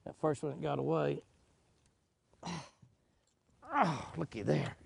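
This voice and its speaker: Fishing show host guy out on a boat, super gravelly voice, kinda high, keeps exclaiming and chuckling to himself. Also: slow, dry recording. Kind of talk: excited fishing commentary. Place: outdoors on a boat on a lake.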